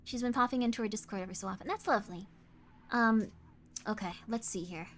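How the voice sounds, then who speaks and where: A tired woman streamer chatting casually while doing tarot readings, talking in quick self-interrupting bursts and apologizing often. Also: mid-range voice, a bit bright, slight background noise. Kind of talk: casual live-stream chat.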